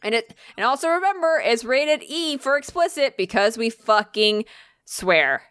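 A woman hosts a casual podcast with a fairly high voice and recounts stories with lots of swearing. She jumps up into high, dramatic tones whenever she quotes herself. The recording is dry and close with no room sound. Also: normal speed, clean tone, no room sound. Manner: animated storyteller, swears freely, acts out quoted lines in a high voice. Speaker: podcast host. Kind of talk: casual chat.

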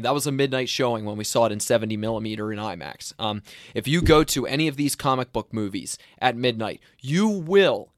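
A man in his twenties hosting a casual talk, eager and enthusiastic as he leads the conversation. His pitch is ordinary and he often restarts mid-thought. The recording is dry and close-miked. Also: no echo. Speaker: host. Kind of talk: casual chat.

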